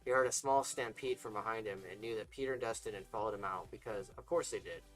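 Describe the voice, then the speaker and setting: A man's voice: lowish voice, fast, soft background music, rough recording. A man casually reading fiction aloud, stumbling and restarting now and then. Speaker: story reader.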